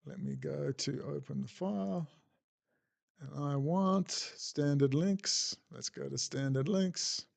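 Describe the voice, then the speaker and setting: A man's voice: fairly high pitch, takes it slowly, gravelly. A man hosting a casual livestream, rambling and bluntly answering chat messages as he goes. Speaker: livestream host reading chat.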